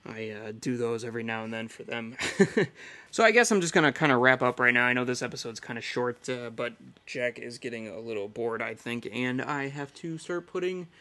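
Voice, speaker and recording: A man's voice: medium pitch, brisk, bright, forceful tone. A man in his thirties hosting a casual solo podcast, rambling and chatty with lots of fillers. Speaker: podcast host.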